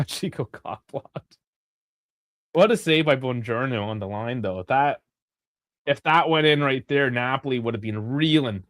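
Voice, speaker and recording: A young man hosting a live football watch-along, chatty and rambling, swearing freely and bursting into shouts at big chances. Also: medium pitch, normal speed, no room sound, studio quality. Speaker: live stream host.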